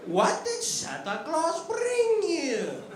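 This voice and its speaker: A man's voice: very high voice, wildly swooping pitch, slow pace, pitched above the performer's own voice, full character voice. A man putting on a drawling, sarcastic tough dad. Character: tough, grumbling middle-aged father. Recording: echoey club with loud crowd.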